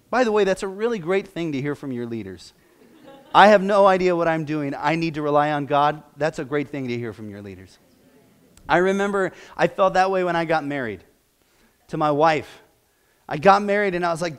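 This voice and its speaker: A man's voice: fairly high pitch, lively intonation, brisk, smooth. A male pastor preaching a sermon in a church, emotional and close to tears as he prays aloud. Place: church sanctuary.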